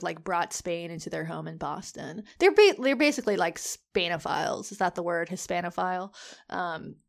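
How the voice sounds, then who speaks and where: A podcast co-host with a lowish, gravelly voice chats casually, her speech full of fillers and restarts.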